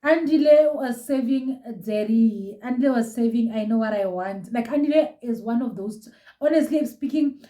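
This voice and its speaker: Young woman, South African accent, gushing casual chat, slightly high voice, roomy distant recording. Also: normal speed, dark tone. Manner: gushing, chatty, code-switching. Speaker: reality show reviewer. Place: room at home. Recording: roomy echo, set back from mic.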